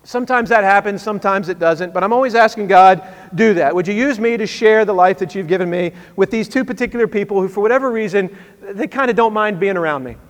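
A man's voice: high-pitched, quick pace, long reverb tail. A man in his thirties, a pastor telling a story in a sermon, conversational with wry asides.

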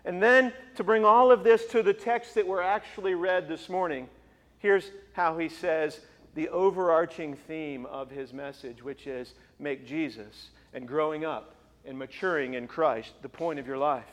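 A male pastor delivers a sermon with emphatic, insistent phrasing, repeating lines for force. His voice sits somewhat high for a man. The sound rings with the long reverb of a large church hall. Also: animated, moderate pace. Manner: emphatic, rising to forceful repetition.

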